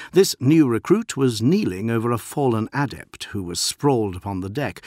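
A man narrating an audiobook in a steady, dramatic reading. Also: lowish voice, no echo, clean studio sound.

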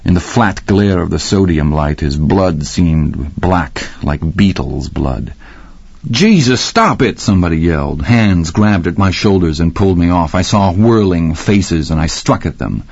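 A man's voice: deep voice, measured pace, creaky, few pauses, a little mellow, husky, no room sound. A man narrating a gritty first-person story with dramatic storytelling. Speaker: audiobook narrator. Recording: slightly muffled dry audio.

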